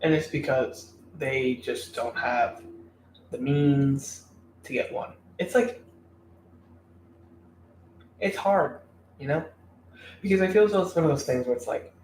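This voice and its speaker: A man's voice: medium pitch, darkish tone. A man giving blunt dating advice in a casual, rambling, profane rant to camera. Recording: roomy room, mic at a distance, faint background noise.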